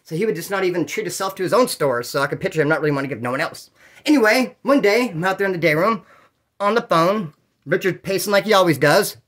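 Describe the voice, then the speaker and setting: A man telling prison stories in a casual, animated way, swearing often and acting out other people's voices. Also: high voice, fast. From California. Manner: animated, profane, acts out quoted voices. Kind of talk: casual storytelling.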